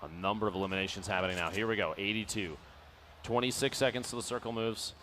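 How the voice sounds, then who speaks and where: A man's voice: fairly low pitch, fairly even intonation, fast, pushed and bright, slight background noise. A man giving analytical color commentary at an esports tournament, quoting scores and rules. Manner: analytical, stat-focused, calls the numbers.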